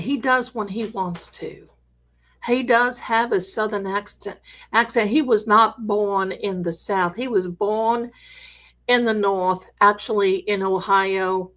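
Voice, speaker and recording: A middle-aged woman with a medium-pitched, slightly bright voice hosts a live stream. She tells a story in a chatty, dramatic way, throwing in jokey asides.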